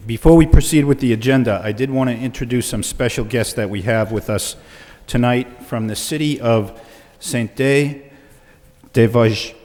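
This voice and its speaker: A man, the mayor, chairing a city council meeting and introducing guests in a measured way, with frequent fillers. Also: mid-range voice, a little mellow. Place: council chamber. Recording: reverberant chamber on meeting mics.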